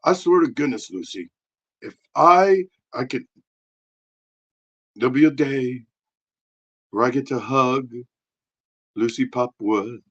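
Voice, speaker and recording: A man doing a rambling, crude improvised comedy rant, excitable and prone to sudden shouting. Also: mid-range voice, slow pace, long pauses, lo-fi sound.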